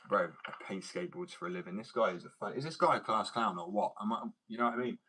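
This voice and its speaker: Male streamer from Germany, bright and punchy tone, combative and mocking, ranting back at viewer comments. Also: fairly low pitch, a little fast, breathy edge, rough recording. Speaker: skateboard artist streaming.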